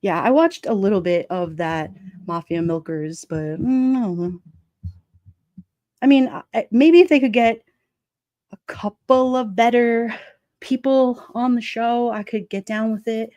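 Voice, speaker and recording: A woman's voice: on the high side, a little slow, warm tone, no echo, muffled recording. A woman hosting a casual livestream, chatting and reading comments from her chat in a rambling way, laughing often. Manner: rambling, laughs often, lots of fillers and restarts.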